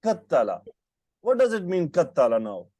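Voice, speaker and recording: A man with a slightly high voice teaches Arabic verb patterns over a video call. He speaks patiently and keeps quizzing his student. The sound is dry and close. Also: wildly swooping pitch, normal speed, mellow, no room sound. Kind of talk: online grammar lesson. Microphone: computer mic on a video call.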